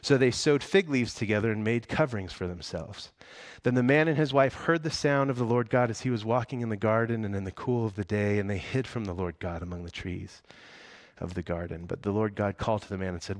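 A man's voice: on the low side, fairly quick, dry recording. A man preaching a sermon as pastor, conversational and full of rhetorical questions.

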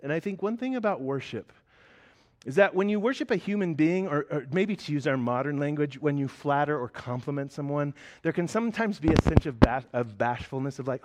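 Young male pastor, fairly high voice, earnest sermon delivery that swells loud and drops soft. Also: animated, brisk. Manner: earnest, building to loud emphatic peaks then dropping soft.

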